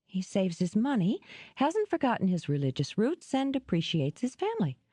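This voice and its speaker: A bubbly young woman who teases and coaxes with eager lines, as a woman reader lifts her voice for her. Her pitch swings widely and the tone is mellow and close, in a dry recording. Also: wildly swooping pitch, moderate pace, slightly rough, no room sound. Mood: playful. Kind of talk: audiobook character reading.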